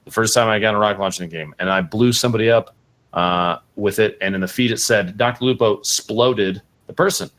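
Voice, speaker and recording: A young adult man, a podcast guest who streams, telling a casual story and animatedly acting out quotes with big jumps in pitch. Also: fairly quick, a bit bright.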